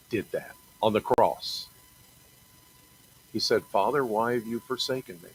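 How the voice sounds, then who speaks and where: A middle-aged man talking earnestly about his faith in a halting, personal monologue, often repeating and restarting phrases. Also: on the low side, a bit bright, slight background noise, rough recording. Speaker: TV meteorologist sharing faith talk.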